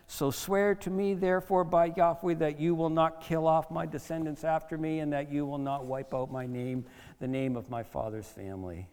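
A man's voice: on the high side, steady tone, moderate pace, darkish tone, clear, resonant tone, big-room sound, close to an everyday voice. A man voicing an aging king who cries out with remorse and pleads with the man he hunted. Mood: pleading.

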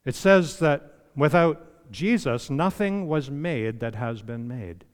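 Emphatic pastor in an echoing hall. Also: male voice, mid-range voice. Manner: emphatic, asks the congregation questions, slows down for scripture. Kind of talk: sermon. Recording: long reverb of a church hall.

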